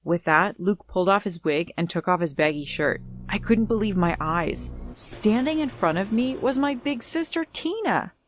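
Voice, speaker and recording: A woman's voice: mid-range voice, animated, normal speed, few pauses, soft background music. A woman telling a first-person storytime tale in a plain, earnest way.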